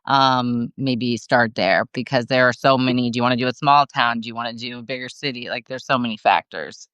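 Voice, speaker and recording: A woman's voice: rumbling low, a little fast, a bit bright, clear, resonant tone, dry recording, lo-fi sound. A woman from the Los Angeles area with a Californian accent, chatting casually and upbeat while answering viewer questions on a live video. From Los Angeles area, USA. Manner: chatty, upbeat, fills gaps with "like" and "um".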